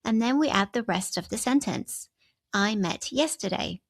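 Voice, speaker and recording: A woman's voice: a little high, lively intonation, normal speed, vocal fry, no echo. A woman teaching an English grammar lesson, walking through example sentences step by step.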